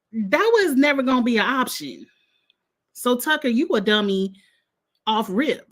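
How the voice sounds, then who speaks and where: Woman, fairly high voice, profane, heated, animated casual rant. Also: normal speed. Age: adult with a son in college. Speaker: vlog host reacting to a reality show. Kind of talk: casual reaction commentary.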